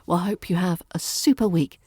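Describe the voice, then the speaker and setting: A British woman hosting a pronunciation lesson podcast, speaking clearly and slowing down to model words. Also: on the low side, darkish tone, no echo, studio quality. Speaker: podcast host and pronunciation teacher.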